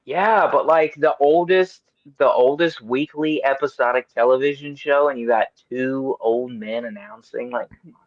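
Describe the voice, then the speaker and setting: A man in his thirties hosting a podcast, chatting casually in an animated, rambling, profane way. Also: medium pitch, moderate pace, no room sound, highs cut off. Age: 30s. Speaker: podcast host. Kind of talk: casual chat.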